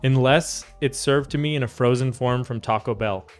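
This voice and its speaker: With faint music in the background, a young man from the United States keeps up a moderate pace and medium pitch while putting together a keyboard live. He casually reads his chat and answers it in an easygoing, talkative manner.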